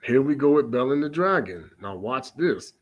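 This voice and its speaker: A man preaching on scripture. He reads archaic passages aloud slowly, then breaks off to comment emphatically and fire off rhetorical questions. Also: mid-range voice, sing-song, rough recording. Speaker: religious teacher.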